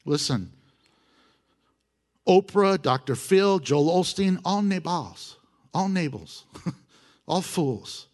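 Animated preacher, a man with a lively voice. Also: high-pitched, slow pace, long pauses. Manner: animated, exhorting, with chuckles. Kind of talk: sermon.

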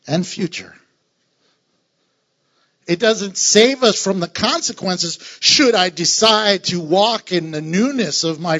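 A man preaching a lively sermon as a pastor, laughing and acting out voices of his listeners. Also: high-pitched, dull audio.

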